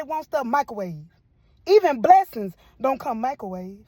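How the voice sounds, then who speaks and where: A woman's voice: high voice, very animated, normal speed, dark tone, no room sound. A woman reviewing a show in casual, sermon-like talk, emotional and full of church phrases. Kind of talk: casual preachy commentary.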